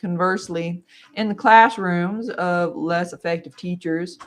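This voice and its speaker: A woman reading a textbook aloud while she studies, dramatic and playful, with quick joking asides. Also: lowish voice, fairly even intonation. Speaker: vlogger.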